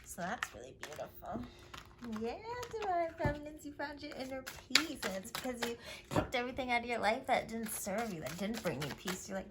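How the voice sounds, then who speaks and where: A woman giving a spiritual tarot reading in an effusive, affirming way, often dropping into soft whispers. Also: a little high, a little fast. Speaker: tarot reader. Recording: steady hiss and clicks.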